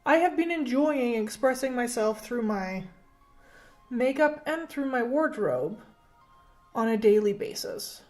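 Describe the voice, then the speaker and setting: Her fairly high, expressive voice moves at an unhurried pace as she chats through a casual get-ready-with-me session. She's a young Canadian beauty vlogger doing her makeup at home, making fun of herself and saying "like" a lot. Soft music plays faintly in the low-quality recording.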